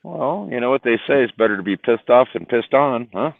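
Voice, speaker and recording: A man's voice: mid-range voice, animated, brisk, vocal fry, no room sound. A worn-out man hosting a casual livestream chat, rambling and joking with a laugh. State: tired, worn out. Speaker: livestream host. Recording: tinny phone-like livestream audio.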